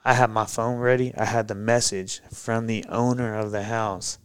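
A man telling a personal story on a podcast, casual and profane, getting heated and animated as he recounts it. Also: lowish voice, normal speed, clear, resonant tone. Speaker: guest, pro MMA fighter.

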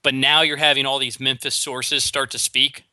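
Male sports talk host, opinionated and quick, stumbling over restarts, crisp dry booth sound. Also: medium pitch, level tone, sharp tone, dry recording. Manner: opinionated, rapid with frequent restarts. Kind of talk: solo sports talk commentary.

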